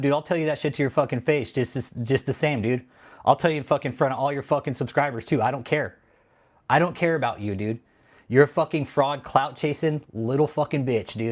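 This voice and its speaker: A man hosting a livestream, talking casually and then ranting heatedly with heavy swearing and repeated phrases. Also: medium pitch. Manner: heated, profane, repeats himself. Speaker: channel host. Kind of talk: angry livestream rant.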